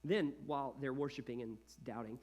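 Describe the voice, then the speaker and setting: A man in his thirties preaching a sermon as a pastor, in an animated, conversational style with lots of casual asides. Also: mid-range voice, fairly quick.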